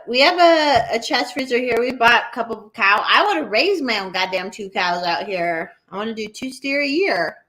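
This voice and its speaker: A young woman co-hosting a podcast, telling stories in casual, animated chat full of swearing. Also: on the high side. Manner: animated, profane, storytelling. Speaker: podcast co-host.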